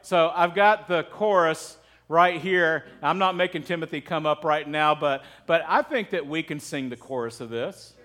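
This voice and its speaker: A man's voice: a little high, normal speed, few pauses, fairly bright tone. A middle-aged man preaching as pastor, conversational and often asking his congregation questions. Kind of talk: sermon.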